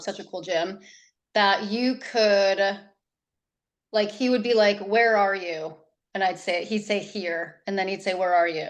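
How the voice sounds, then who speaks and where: A woman guest talks about her parenting work in a loose, animated interview style. She rambles and restarts her sentences often. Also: mid-range voice. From New Hampshire. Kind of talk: casual interview talk.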